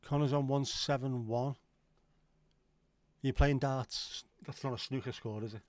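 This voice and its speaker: A man's voice: medium pitch, fairly even intonation, unhurried, darkish tone, no echo. A middle-aged man hosting a casual livestream, rambling, swearing now and then and answering chat comments. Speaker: livestream host.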